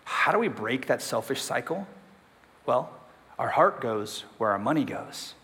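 A man's voice: mid-range voice, sing-song, measured pace, bright, forceful tone. A man preaching a casual, self-deprecating sermon, asking the congregation questions. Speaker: pastor. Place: church sanctuary. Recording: long hall reverb.

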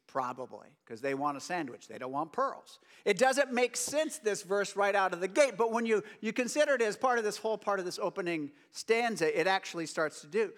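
High-voiced male preacher, conversational and jokey, talks straight to the room. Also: animated, a little fast, hardly any pauses, fairly bright tone. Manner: joking, chatty asides to the audience. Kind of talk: casual conversational sermon.

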